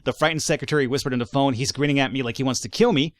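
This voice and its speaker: A let's-play gamer speaks rapid-fire in a mid-range male voice, reading in-game reports aloud and slipping in wry, sarcastic asides. It's casual gameplay commentary with no room sound.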